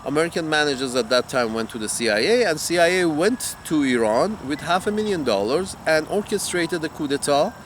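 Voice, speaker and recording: A man's voice: on the high side, expressive, fairly quick, hardly any pauses, slight background noise. A man ranting in a heated, profane monologue, repeating himself and restarting as he goes. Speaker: commentator.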